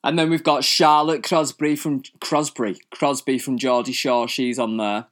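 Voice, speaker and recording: Scouse lad doing a camp sweary rant to camera, mid-range voice. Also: male voice, medium pitch, fairly even intonation, a little slow, fairly bright tone. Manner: camp, sweary, theatrical ranting. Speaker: host.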